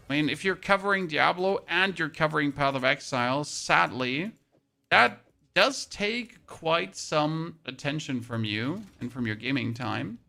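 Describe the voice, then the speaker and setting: A man's voice: on the high side, gravelly, bright, forceful tone. A man with a German accent giving chatty, self-mocking commentary while streaming a game. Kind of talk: casual gameplay commentary.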